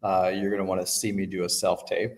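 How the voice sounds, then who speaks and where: A man's voice: low-pitched, flat delivery, fairly quick, low-quality recording. A man hosting a podcast in casual conversation, working through his points aloud and checking in with his guest. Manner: thinking aloud with restarts and "right?" checks. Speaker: podcast host and management firm owner.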